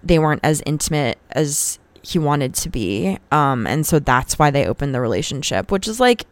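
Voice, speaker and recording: A woman's voice: deep voice, sing-song, moderate pace, dry recording. A woman hosting a podcast who tells a personal story in a candid, casual way and swears freely. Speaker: podcast host.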